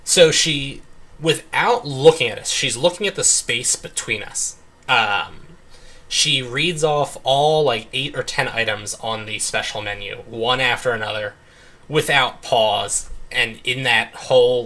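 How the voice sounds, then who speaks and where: A young man talks through a video game session in loose, rambling chat, leaning on "like" and "um". His voice has a bright, forward edge at an ordinary middle pitch. He is recorded at home on a desk microphone. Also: measured pace. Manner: rambling, full of "like" and "um". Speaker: let's play host. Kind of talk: casual chat while gaming.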